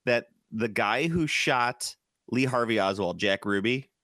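A man's voice: medium pitch, a little slow, bright, forceful tone, dry recording, clean studio sound. A man from Chicago co-hosting a casual podcast chat, rambling with lots of restarts and fillers. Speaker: podcast co-host.

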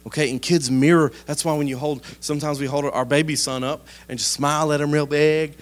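A man, a pastor preaching a sermon in a conversational, folksy storytelling style with sudden animated outbursts. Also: on the high side, brisk.

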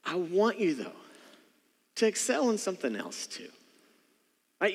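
A man delivers a sermon from the pulpit. His voice sits high and swings widely, and he keeps calling for answers from the congregation. A long reverb from the church hall trails behind his words. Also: unhurried, pauses often, breathy edge. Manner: animated, acts out voices, calls for audience response. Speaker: pastor. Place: church sanctuary.

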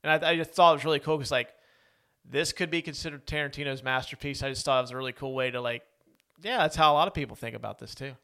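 A man's voice: medium pitch, fast, sharp tone. A man co-hosting a podcast, chatting casually about a film, talkative and prone to going off on tangents. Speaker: podcast co-host. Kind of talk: casual movie-review chat.

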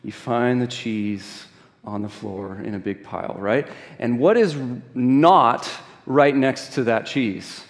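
A middle-aged man preaches in a relaxed, conversational way, building stories and throwing rhetorical questions at the congregation. His voice sits in an ordinary middle pitch. The sound rings with the long reverb of a large church hall. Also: slow. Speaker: pastor. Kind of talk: sermon.

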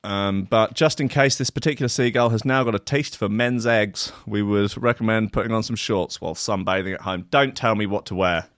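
A male show host reads odd news in a comic riff, adding sardonic, mock-outraged asides and lots of filler. His voice is on the low side and a bit bright, brisk with few pauses, recorded at studio quality with no room sound.

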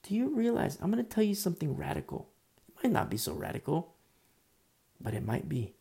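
A pastor delivers a sermon in an earnest, conversational way. His voice is heavily gravelly with a husky, mellow edge. He sometimes drops to a low, hushed tone to press a point. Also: sing-song, fairly quick. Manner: earnest, conversational preaching, drops to a whisper at times.

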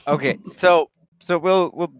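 A man's voice: on the high side, unhurried, no echo, clean studio sound. A man in casual podcast chat, joking around and laughing a lot with friends. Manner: jokey, laughs often.

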